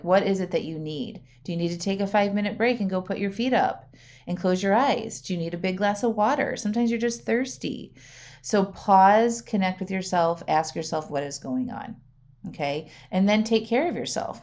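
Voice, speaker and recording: Her mid-range voice is a little mellow as she hosts her own coaching podcast. Chatty and casual, she speaks straight to listeners, sprinkling in "right?" and "okay?" and laughing lightly throughout.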